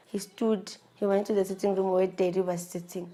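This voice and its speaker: A woman's voice: mid-range voice, level tone, a little fast, mellow. A South African woman in her thirties, emotionally confiding a personal story with frequent restarts. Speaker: vlogger.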